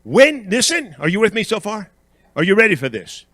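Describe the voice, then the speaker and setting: A man's voice: high voice, sing-song, fast, fairly bright tone, no echo. A man preaching a sermon at church, emphatic and repetitive, calling out questions to the congregation and building in intensity. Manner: emphatic, repeats phrases with rising intensity, quizzes the congregation. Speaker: guest preacher.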